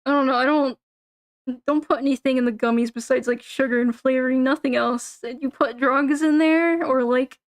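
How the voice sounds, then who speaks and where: High-voiced young woman rambling on stream. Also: steady tone, normal speed. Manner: rambling, swearing, giggly. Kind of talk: casual chat stream.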